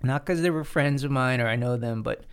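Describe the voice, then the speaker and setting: A podcast host with a clean, mid-range voice and a brisk pace holds a casual studio conversation. Opinionated, he explains his views in long runs, restarting often.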